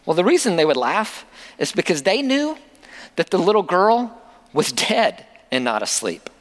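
A man's voice: high voice, sing-song, moderate pace, long reverb tail. A man preaching a sermon as a pastor, conversational, with many rhetorical questions to the congregation.

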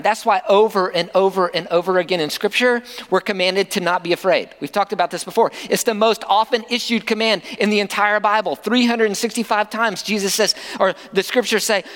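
High-voiced pastor in a hall. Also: male voice, a bit bright. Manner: conversational preaching with rhetorical questions. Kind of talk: sermon.

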